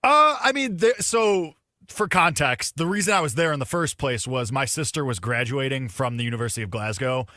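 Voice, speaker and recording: A man from Chicago, co-host of a betting show, telling a story casually and excitedly. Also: medium pitch, fairly quick, dry recording, clean studio sound. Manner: excitable, acts out quoted lines loudly.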